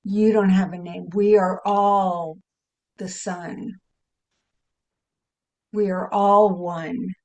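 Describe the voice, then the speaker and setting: A woman sharing reflections in a spiritual study group, animated and laughing often, with lively emphasis when she quotes. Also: mid-range voice, very slow, pauses often. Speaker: group participant.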